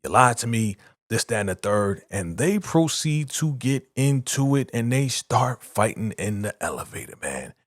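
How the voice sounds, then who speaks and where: A man hosting his own channel, casually recapping a TV episode and quoting the characters in quick animated bursts. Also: mid-range voice, no echo, studio quality. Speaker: show reaction host.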